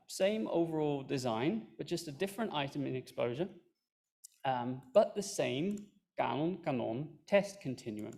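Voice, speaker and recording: A man presenting research findings at a conference, explaining in a relaxed way with fillers and dry asides. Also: mid-range voice, gravelly. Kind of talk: recorded academic talk.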